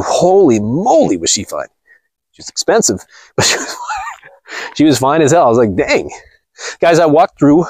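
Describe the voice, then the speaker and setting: A man rants to his viewers in a blunt, mocking monologue while out walking. His voice is a bit husky and jumps lively in pitch. The sound is dry and close. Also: dry recording. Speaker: vlogger. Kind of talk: casual ranting monologue.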